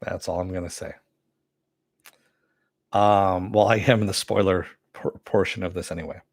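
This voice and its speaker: A man giving a casual spoken review of an animated series, rambling with many fillers and self-corrections, and answering chat as he goes. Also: deep voice, normal speed, no room sound. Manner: reads and answers live chat.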